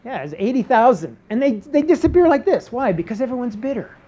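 Woman preacher, dark mellow tone, rhetorical questions, dull lo-fi recording. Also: a little high, big pitch swings, fairly quick. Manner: asks rhetorical questions, checks in with "okay?". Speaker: Bible teacher. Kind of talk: sermon.

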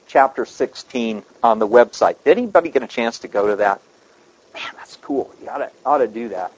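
A man's voice: medium pitch, expressive, a little fast, breathy edge, highs cut off. A man preaching a sermon, emphatic, asking rhetorical questions and repeating his key points.

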